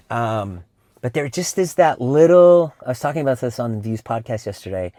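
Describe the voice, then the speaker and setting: A middle-aged man vlogging in a casual sit-down chat, telling stories in an animated way and slipping into quick impressions. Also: mid-range voice, no echo. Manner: chatty and animated, slips into impressions. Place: indoor room.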